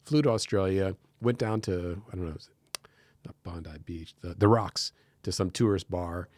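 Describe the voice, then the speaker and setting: An American man, a podcast guest in a studio, telling stories in a lively, animated way and acting out the people he quotes. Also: low voice, normal speed, dry recording. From United States. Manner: animated storyteller, acts out quoted voices. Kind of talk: casual interview chat.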